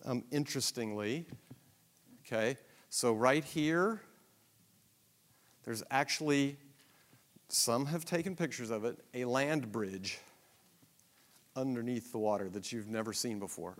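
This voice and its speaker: A man's voice: medium pitch, unhurried, pauses often, in a large hall. A man teaching a Bible survey lesson in a conversational, emphatic way, with rhetorical questions and asides.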